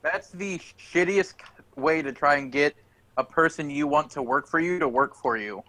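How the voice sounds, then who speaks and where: A man's voice: on the high side, normal speed, a crowd in the background. A man co-hosting a casual chat, giving blunt, profane opinions. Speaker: podcast co-host.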